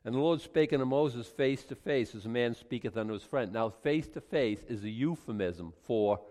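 Man teaching scripture, relaxed and chatty, frequent restarts, mid-pitched, long hall reverb. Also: moderate pace. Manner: casual, many restarts, reads scripture then comments. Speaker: Bible teacher. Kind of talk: conversational Bible study teaching.

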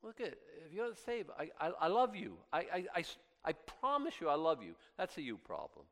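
A man preaching a sermon as pastor, impassioned and swinging from loud highs to quiet asides, often stammering and restarting. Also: wildly swooping pitch, fairly quick. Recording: long hall reverb.

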